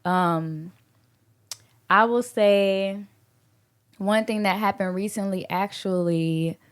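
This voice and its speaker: A woman who teaches, co-hosting a faith podcast and telling a relaxed story about her students. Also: mid-range voice, slow, clear, resonant tone. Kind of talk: casual faith discussion.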